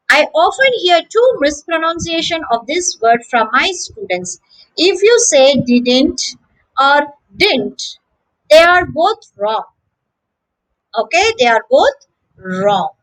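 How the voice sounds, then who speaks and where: Slow, lively-pitched woman teaching pronunciation. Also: low-quality recording. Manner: drawn-out demonstration words with repeated drills. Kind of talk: slow, deliberate pronunciation lesson for children.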